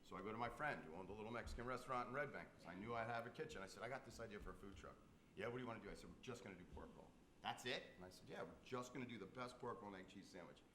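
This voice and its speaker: A man with a gruff voice, telling stories with jokes and acted-out dialogue as a panelist at a live event. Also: on the low side, racing, noisy background. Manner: animated, joking storyteller acting out dialogue. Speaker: food truck entrepreneur panelist. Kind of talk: storytelling panel talk. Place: event room. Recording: echoey room, faint ambience.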